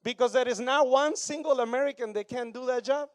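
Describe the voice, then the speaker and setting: A man in his thirties from Argentina, preaching a sermon with an Argentine Spanish accent in broken English, animated and joking with the congregation. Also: extremely high pitch, fairly quick, no room sound, studio quality. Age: 30s. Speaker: pastor.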